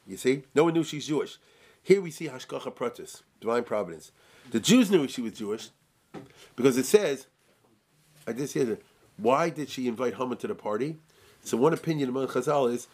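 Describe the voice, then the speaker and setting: Male Torah teacher, informal class, animated, keeps checking in with rhetorical questions. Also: medium pitch, fairly quick, slightly rough.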